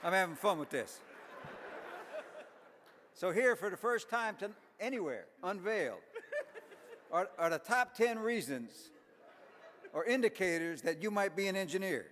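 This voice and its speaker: An older man giving an after-dinner speech at a banquet, telling folksy jokes with deadpan punchlines and chuckling at his own jokes. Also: high-pitched, a little slow, pauses often. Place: large banquet hall. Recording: long hall reverb.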